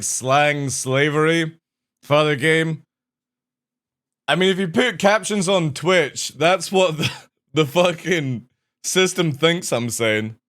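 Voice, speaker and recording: A man hosting his own live stream in a relaxed, rambling way, chatting to viewers and laughing at his own jokes. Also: a little high. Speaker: streamer and show host. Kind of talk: casual live stream chat.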